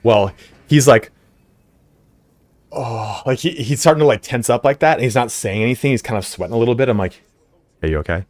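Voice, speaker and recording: A man's voice: mid-range voice, fairly quick, pauses often, dry recording. A man streaming a game live, telling a rambling story full of fillers, swearing and laughs. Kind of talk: casual storytelling while gaming live.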